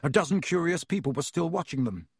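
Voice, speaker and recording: A male narrator with a slightly husky, fairly high voice reads a storybook in a measured, vivid way. The sound is dry and close, with no room around it. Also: expressive, dry recording. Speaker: audiobook narrator.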